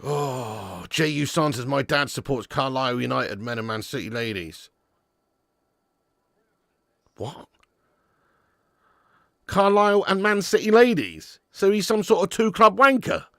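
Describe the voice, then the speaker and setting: A man's voice: medium pitch, very animated, a little slow, vocal fry, long pauses, dry recording, studio quality. A man hosting a live football watch-along, bantering with his chat and flaring into mock outrage at players. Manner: banter-heavy, shouts in mock outrage, reads out super chats. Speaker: football fan channel host.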